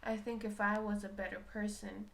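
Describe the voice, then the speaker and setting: A woman's voice: mid-range voice, little pitch movement, normal speed, creaky. A woman talking candidly and emotionally about her own feelings, questioning herself as she goes. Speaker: spiritual reader. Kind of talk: personal reflective talk.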